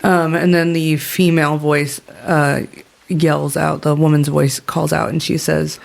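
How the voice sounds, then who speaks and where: A woman's voice: low-pitched, level tone, a little slow, gravelly. A woman narrating as game master in a loose, chatty way with many fillers. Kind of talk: casual tabletop game narration.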